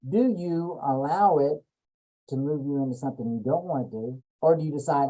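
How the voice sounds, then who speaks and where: Man, motivational brain coach, folksy and repetitive, mellow tone, video call. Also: fairly high pitch, brisk, poor audio. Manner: folksy, repetitive, animated with playful asides. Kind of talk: motivational talk.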